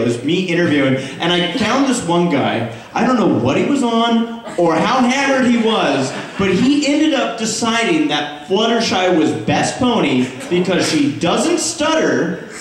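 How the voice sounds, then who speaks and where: A man on a convention panel telling funny stories in a lively, laughing way, recorded from the back of an echoey hall. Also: high-pitched, far from the mic. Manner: animated, laughing, quick asides. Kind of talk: casual panel storytelling.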